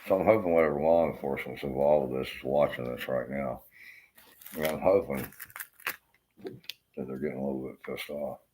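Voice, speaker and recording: A man with a very low, deep voice delivers a rambling, bitter rant full of swearing. He sounds like he is hurting and feeling unwell as he talks to the camera. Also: moderate pace, long pauses, noisy background.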